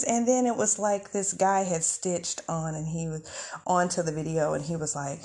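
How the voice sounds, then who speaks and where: A woman hosting a podcast, talking in a casual, expressive monologue with laughs and sighs. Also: fairly low pitch, normal speed. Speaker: podcast host.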